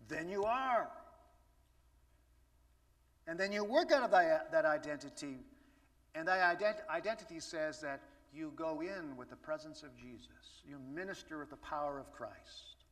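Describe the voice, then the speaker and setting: A man's voice: a little high, animated, unhurried, a bit bright. A man preaching a sermon in a conversational way, putting rhetorical questions to the audience. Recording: echoey hall from far off.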